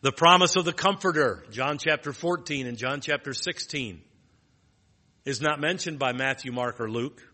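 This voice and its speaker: Bright-voiced man teaching in a hall. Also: mid-range voice, moderate pace. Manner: plain teaching tone with restarts and rhetorical questions. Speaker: Bible teacher. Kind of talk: Bible lesson.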